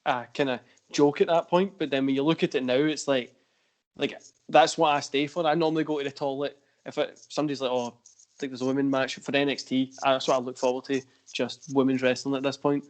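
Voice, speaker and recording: A man's voice: mid-range voice, steady tone, a little fast. A man hosting a casual podcast, talking in rambling sentences full of fillers. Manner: rambling, heavy use of fillers. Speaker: podcast host. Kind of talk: casual chat.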